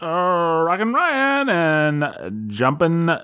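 A man's voice: on the high side, huge pitch swings, drawn-out words, sharp tone, smooth. A man co-hosting a podcast, casually chatting and reading out names with playful flourishes. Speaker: podcast co-host.

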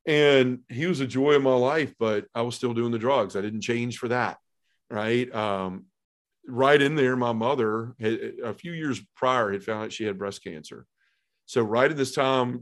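A middle-aged man telling his own story as a podcast guest, earnest and heartfelt, with lots of "you know" and "man". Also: lowish voice. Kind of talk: personal testimony in a podcast conversation.

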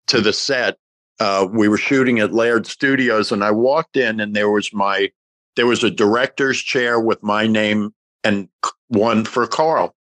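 A man's voice: fairly low pitch, no room sound. An older man, an actor, telling a long story in an interview and acting out the lines of everyone in it. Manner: animated storyteller acting out quoted dialogue. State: emotional. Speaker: guest actor.

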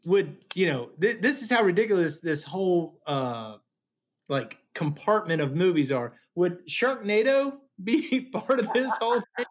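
A man co-hosting a casual movie chat, riffing and teasing in a lively way. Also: sits high, unhurried. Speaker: podcast co-host.

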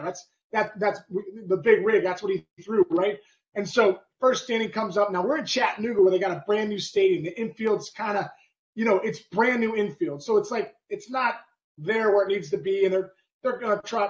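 A middle-aged man, a former ballplayer hosting a podcast, telling a story in casual, animated chat with bursts of sound effects. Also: high-pitched, dull audio. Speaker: podcast host, former baseball player.

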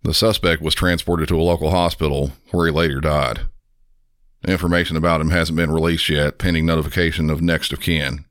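A male podcast host speaks in an extremely deep, level voice with a measured, matter-of-fact delivery. The recording is dry and close, with no room sound. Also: level tone, fairly bright tone, no room sound. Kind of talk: narrating and commenting on 911 calls.

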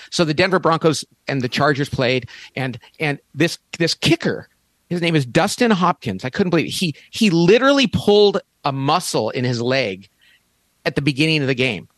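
Man in his fifties, guest, lively swooping voice, slightly high, dry close sound. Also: moderate pace, no room sound. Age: 50s. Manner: animated, acts out quotes with big pitch jumps. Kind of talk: storytelling in a conversation.

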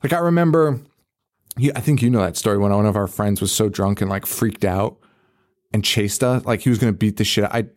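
A man's voice: on the low side, fairly quick. A man co-hosting a podcast in casual chat, rambling through a story with lots of swearing and frequent laughter. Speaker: podcast co-host.

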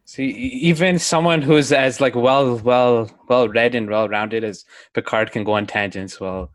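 A man's voice: mid-range voice, steady tone, moderate pace, no room sound. Playful Canadian man on a dry mic. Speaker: podcast co-host. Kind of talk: casual chat.

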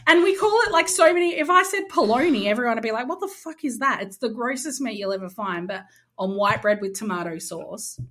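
Australian woman, podcast co-host, slightly high voice, chatty, searches for words. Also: animated, brisk, a bit bright, a little hiss or hum. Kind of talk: casual chat.

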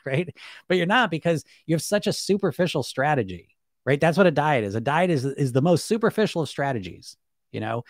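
Guy rattling off weight loss coaching super fast, blunt, keeps going right? you know?, dry close sound. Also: on the high side, sing-song, no room sound. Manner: blunt, swears casually, laughs between points. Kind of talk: live-stream monologue to viewers.

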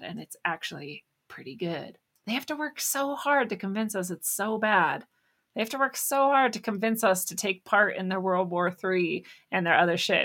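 Bright-voiced sarcastic woman host. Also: medium pitch. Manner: sarcastic and profane, laughing often. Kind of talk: casual news commentary monologue.

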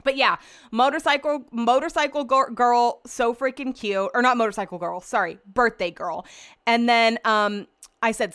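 Bubbly and gushing, this young podcast host chats on her own at a normal speed, filling her speech with "like" and "um." She has a fairly high pitch and a smooth, slightly bright sound.

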